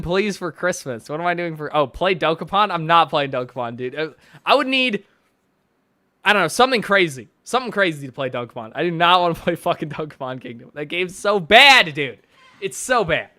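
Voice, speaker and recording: A man's voice: fairly high pitch, bright, forceful tone, no echo. A man streaming live, reading chat and posts aloud with profane, mocking, ranting commentary. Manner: reads chat and posts aloud with sarcastic asides.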